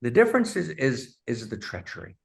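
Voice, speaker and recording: Man, host, emphatic, effusive, excited outbursts, mid-pitched voice. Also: brisk, creaky. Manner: warmly addresses his partner as "my friend". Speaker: host, philosopher. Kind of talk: animated film discussion.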